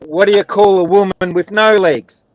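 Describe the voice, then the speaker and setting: A man tells long jokes in a dry, unhurried storytelling voice, pitched a little high. A faint hiss of noise sits under the recording. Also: steady tone, lo-fi sound. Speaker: joke teller on a livestream chat. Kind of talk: casual chat.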